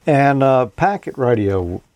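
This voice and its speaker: A man hosting a show and casually explaining a technical topic, relaxed and folksy, with lots of "you know.". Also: medium pitch, unhurried, dry recording. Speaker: host.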